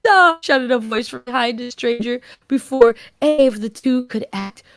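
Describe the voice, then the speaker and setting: A woman's voice: fairly high pitch, level tone, normal speed, dry recording. A woman hosting a comedy podcast, reading fan fiction aloud with playful asides. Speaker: podcast host.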